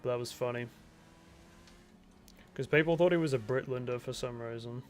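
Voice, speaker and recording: Streaming his gameplay, a young man with an Australian accent chats in a laid-back, rambling way, half talking to himself. His voice is medium-pitched and a little mellow, at normal speed, with slight background noise.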